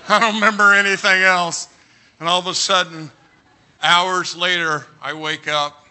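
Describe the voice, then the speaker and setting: A man preaching, telling a comic story with animated bursts of shouting. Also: high voice, normal speed, clear, resonant tone. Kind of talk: humorous storytelling sermon.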